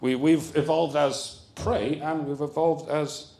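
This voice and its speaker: A man giving a comic lecture at a conference, animated and jokey with rambling asides. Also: on the high side, takes it slowly, gravelly. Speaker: comedian giving a conference talk. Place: conference hall. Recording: roomy hall echo.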